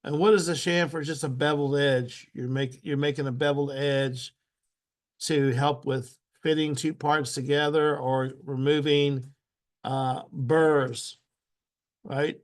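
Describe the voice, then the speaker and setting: A man teaching a step-by-step software tutorial. He repeats each step aloud patiently and keeps clearing his throat. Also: a little high, fairly even intonation, measured pace. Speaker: instructor.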